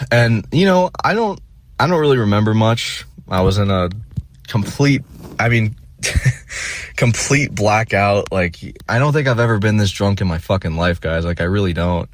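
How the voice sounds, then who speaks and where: A man's voice: lowish voice, lively intonation, measured pace, no echo. A young man telling a rambling, self-deprecating story in a casual vlog monologue, full of fillers and restarts.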